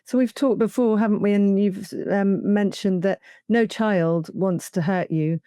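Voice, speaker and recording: A woman hosts the interview with a mellow, smooth voice. She asks thoughtful questions and sums up the points her guest makes. The recording is close and dry. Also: medium pitch, steady tone, unhurried, no echo. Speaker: interview host. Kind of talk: conversational interview.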